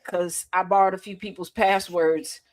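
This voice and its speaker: A woman's voice: lowish voice, steady tone, moderate pace. A woman co-hosting a casual podcast, talking in a loose, slangy way and laughing often as she tells stories. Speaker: podcast co-host.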